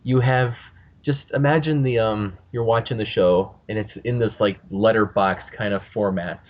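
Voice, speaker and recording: A man's voice: on the low side, steady tone, moderate pace. A man hosting a casual podcast, rambling and swearing freely as he talks. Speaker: podcast host. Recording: muffled lo-fi audio.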